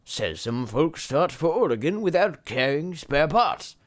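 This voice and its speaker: A man's voice: fairly high pitch, big pitch swings, a little slow, pitched above the performer's own voice. A man voicing a chatty adult male frontier townsman in a folksy put-on accent that slips partway. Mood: gossipy.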